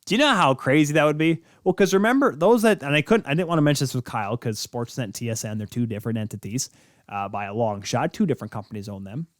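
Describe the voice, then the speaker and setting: Male sports podcast host, mid-pitch, rambling and jokey, dry close mic. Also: lively intonation, quick pace, no echo. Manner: rambling, self-correcting, jokey. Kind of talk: casual sports talk.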